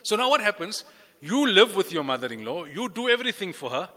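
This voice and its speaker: A man preaching a sermon with lively delivery, acting out the voices he quotes. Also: high voice, a little fast, long reverb tail. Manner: animated, acts out quoted voices. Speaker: Islamic preacher.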